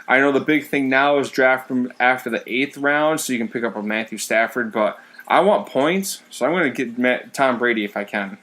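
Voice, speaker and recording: A man co-hosting a podcast in casual chat, relaxed and stumbling through fillers. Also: mid-range voice, moderate pace, hardly any pauses. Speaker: podcast co-host.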